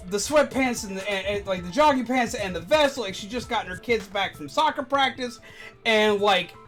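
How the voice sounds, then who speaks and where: A streamer and former game store manager telling stories in casual chat, animated, with loud indignant outbursts. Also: mid-range voice, normal speed, soft background music.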